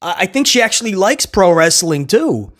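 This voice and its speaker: A man's voice: sits high, very animated, normal speed, a bit bright. A man hosting a casual solo wrestling review, hyped and slangy, talking straight to his viewers and laughing often.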